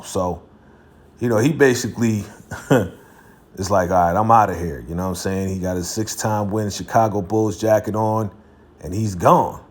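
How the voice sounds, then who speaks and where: A man's voice: fairly low pitch, darkish tone. A man hosting his own video, recapping a TV episode in a slangy, casual way and laughing between lines. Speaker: video host reviewing a TV episode.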